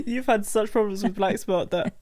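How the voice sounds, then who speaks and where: A woman's voice: medium pitch, unhurried, a little mellow, no echo. A woman co-hosting a gardening podcast, laughing often and reacting playfully in casual chat. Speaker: podcast co-host.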